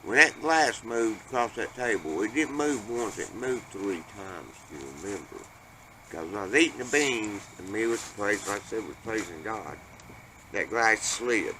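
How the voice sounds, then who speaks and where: A man telling a family ghost story in a folksy, profane, animated way. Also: fairly low pitch, moderate pace. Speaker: panel storyteller. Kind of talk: casual storytelling. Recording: noisy background hiss.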